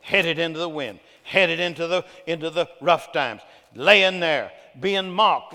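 A man preaching a sermon, swinging from loud, sudden bursts to soft, hushed lines. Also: fairly high pitch, lively intonation, normal speed, creaky, hardly any pauses. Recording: echoey hall with long reverb.

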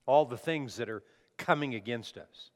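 A man's voice: medium pitch, moderate pace, a little mellow. A man preaching a conversational sermon as a pastor, often restarting his phrases. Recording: long hall reverb.

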